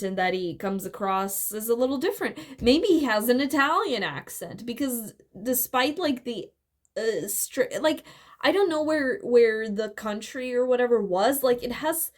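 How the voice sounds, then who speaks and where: A woman's voice: on the high side, a little mellow. A woman giving casual spoken commentary, rambling with lots of fillers and restarts and some blunt swearing. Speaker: video essayist.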